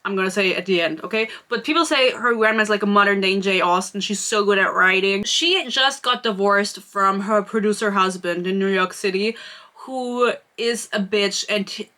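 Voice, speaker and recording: A woman's voice: mid-range voice, moderate pace, bright, forceful tone. A woman from Germany, giving a casual, sarcastic book review full of chatty asides.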